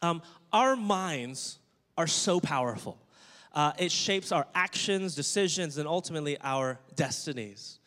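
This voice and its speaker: A man preaching a sermon as pastor, energetic and joking, calling on the congregation to respond. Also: on the high side, unhurried. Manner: jokey, playful asides. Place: church sanctuary. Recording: long church-hall reverb.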